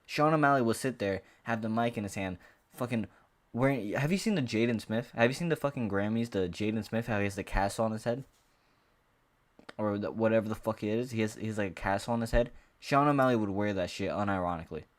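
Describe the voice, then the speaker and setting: Guy with a lowish voice going off on a fighting vlog, cussing, rambly, heated. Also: fast talker. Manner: profane, heated, rambling with restarts. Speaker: MMA commentary vlogger. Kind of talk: ranting casual monologue to camera.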